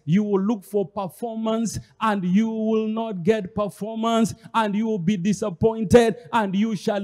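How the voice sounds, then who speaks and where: This sermon comes from a male pastor from Kenya whose voice is high-pitched and mellow. Addressing the congregation head-on, he leans on emphasis and repeated phrases, and the church hall adds a long reverb.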